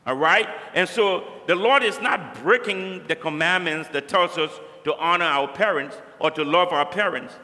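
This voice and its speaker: Bright-voiced male preacher in a reverberant hall. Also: fairly high pitch, normal speed, few pauses. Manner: emphatic, repeats key phrases. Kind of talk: sermon.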